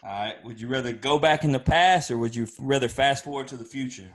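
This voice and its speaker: A man's voice: mid-range voice, fast talker, slight background noise. Laid-back male podcast host. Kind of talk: casual podcast game host.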